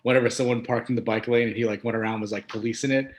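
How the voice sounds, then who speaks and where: A man's voice: mid-range voice, steady tone, racing, slight background noise. A man hosting a casual sports podcast, easygoing, laughing often and moving the talk along.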